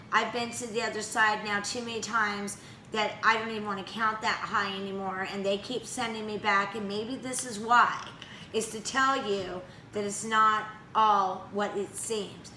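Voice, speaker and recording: A woman's voice: mid-range voice, fairly even intonation, a little slow, bright, forceful tone. Chatty woman teaching in an echoey room. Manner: chatty, frequent "okay?" check-ins. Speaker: spiritual practitioner. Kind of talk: casual how-to demonstration. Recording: echoey room with faint ambient noise.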